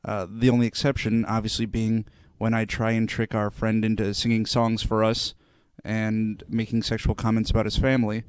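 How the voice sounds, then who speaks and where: A man's voice: on the low side, monotone, normal speed, hardly any pauses, clear, resonant tone, no room sound, clean studio sound. A young man hosting a podcast, teasing his guest in an ironic, mock-pompous way. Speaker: podcast host. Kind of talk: casual chat.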